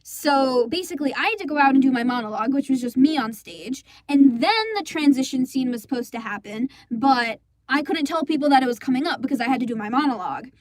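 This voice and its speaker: A woman's voice: high-pitched, fast talker, hardly any pauses, no room sound, clean studio sound, lightly acted. A woman voicing an indignant teenage girl who rambles through a story, exasperated and swearing freely, for a fan comic dub. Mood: rambling. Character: indignant teenage girl recounting a school play disaster.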